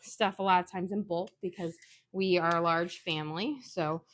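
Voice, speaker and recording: Speaking at a moderate pace in a fairly low voice, a woman walks through a recipe step by step in her home kitchen. As a home cooking vlogger, she's chatty and instructional but keeps getting sidetracked into family anecdotes.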